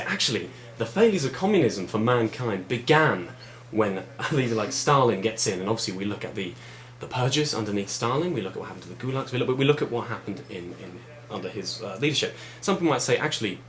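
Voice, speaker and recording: A young man from Southern England with a Southern English accent, interviewing a guest for student radio in a lively, polite way with easy laughs. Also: on the low side. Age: young adult.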